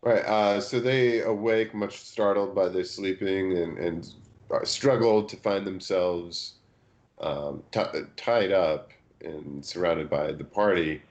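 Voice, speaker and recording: Low slow guy dming a tabletop game, lots of ums. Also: a little mellow, highs cut off. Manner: unhurried, hesitant with many fillers. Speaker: game master.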